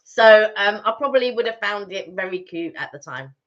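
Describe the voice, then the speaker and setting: A woman's voice: medium pitch, lively intonation, normal speed. A woman co-hosting a live stream, chatting casually and animatedly, with frequent restarts. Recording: dull lo-fi stream audio.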